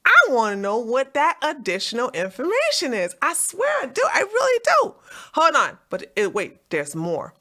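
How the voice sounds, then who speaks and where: Animated, profane woman host mocking the news. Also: on the high side, normal speed. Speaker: commentary show host. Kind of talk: casual mocking commentary.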